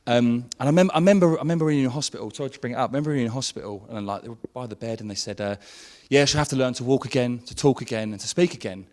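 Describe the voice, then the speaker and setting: A man's voice: medium pitch, very fast, hardly any pauses, darkish tone, big-room sound. A man in his thirties speaks at a wedding reception as the groom. He talks informally and swears now and then. He restarts his sentences often and sounds emotional. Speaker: groom giving a wedding speech. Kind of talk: wedding speech.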